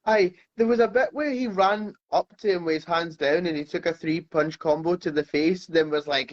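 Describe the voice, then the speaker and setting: A man co-hosting a casual talk podcast, easygoing and relaxed as he tells stories. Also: fairly high pitch, normal speed, hardly any pauses. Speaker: podcast co-host. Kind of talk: casual chat. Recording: slightly dull lo-fi sound.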